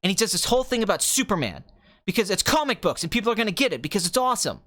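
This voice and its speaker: A man's voice: high-pitched, dry recording, heavily acted. A man doing a hyper, cocky film director rant. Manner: fast ranting, jumps from calm to excited, swears. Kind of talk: comedic impression.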